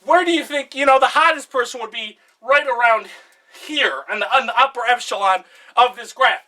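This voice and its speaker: A young man giving a mock-serious comedic presentation, passionate and out of breath, bursting into shouts. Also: very high voice, normal speed.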